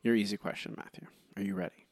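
Male podcast co-host, gravelly voice, hesitant, casual quizmaster. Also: lowish voice, steady tone, fast talker, a little mellow. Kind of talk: casual podcast chat, running a trivia segment.

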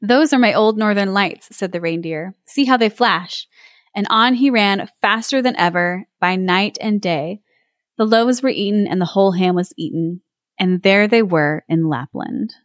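A woman reads a fairy tale aloud for a podcast, lively and playful with little character voices. Her voice sits at an ordinary middle pitch. The sound is dry and close, with no room around it. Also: normal speed, dry recording. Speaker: podcast co-host reading aloud. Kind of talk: storybook read-aloud with chat.

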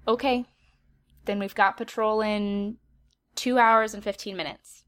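A woman voicing a gentle, protective male team leader in a storybook reading, calm and reassuring. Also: mid-range voice, a little slow, natural voice.

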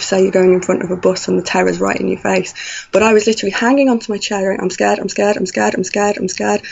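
Gravelly woman telling her story. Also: medium pitch. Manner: animated, acts out her own past thoughts. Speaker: guest. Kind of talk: conversational storytelling. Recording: slightly dull lo-fi audio.

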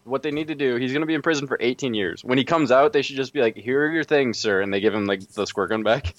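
A man guesting on a podcast who cuts in with quick joking questions in crude, casual chat. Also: medium pitch, no echo, lo-fi sound. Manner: quick interjecting questions and jokes.

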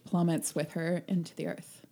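A young woman co-hosting a casual book discussion. She rambles in an animated way, with many fillers and laughs. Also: on the low side, moderate pace. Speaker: podcast co-host.

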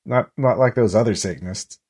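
A man's voice: lowish voice, fairly quick, darkish tone, slightly rough. A man playing in a tabletop role-playing game, talking in a dry, wry, chiding way. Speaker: player.

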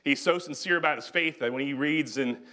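A man's voice: on the high side, a little fast. A man giving a storytelling history lecture in a lecture hall, acting out the quotes as he goes. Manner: animated storyteller who acts out quotes.

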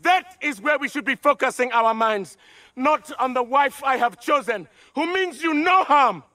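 An actor playing a dignified leader giving an impassioned, measured speech. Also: male voice, extremely high pitch, animated, sharp tone, heavily acted.

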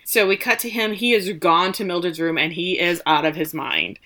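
A woman's voice: lowish voice, moderate pace. A young woman co-hosting a podcast, chatting casually and animatedly, swearing freely and retelling scenes. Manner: animated, swearing, reads out lines in quotes. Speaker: podcast co-host. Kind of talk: casual recap chat.

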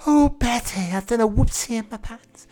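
A British man imitating a hapless, accident-prone 1970s British simpleton in a high, quavering, whiny voice. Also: moderate pace, dark tone. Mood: flustered.

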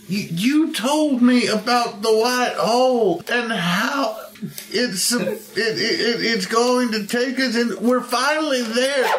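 A man voicing a zealous male cult follower who talks in halting restarts. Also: very high voice, fairly bright tone, heavily acted. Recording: roomy with faint noise.

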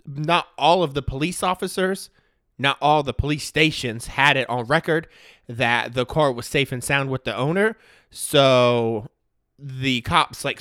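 Brief: young male sports-talk host, mid-high voice, loose jokey rant, dry close sound. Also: dry recording. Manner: animated, jokey, slangy with lots of "man" and "dude". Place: at home in front of his computer.

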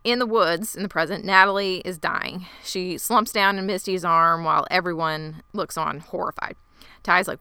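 A woman co-hosting a casual podcast, retelling a TV episode scene by scene with lively asides. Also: fairly low pitch, normal speed, clear, resonant tone, dry recording. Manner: animated storyteller, quotes characters in lively asides. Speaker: podcast co-host. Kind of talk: casual TV recap chat.

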